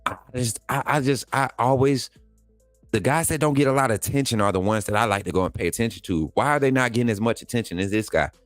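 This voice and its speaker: An excitable man hosting a sports livestream, talking straight to his viewers and reading their chat. He repeats phrases and uses casual slang. The sound is dry and close, with faint music underneath. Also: mid-range voice, fast talker, dry recording. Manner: excitable, hypes players, talks straight to viewers. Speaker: sports channel host.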